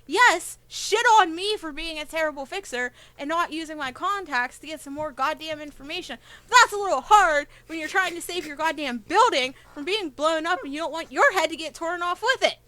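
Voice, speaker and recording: A woman playing a tabletop game, exasperated and swearing in quick retorts. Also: sits high, lively intonation, pushed and bright, dry recording. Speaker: player. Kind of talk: tabletop role-play.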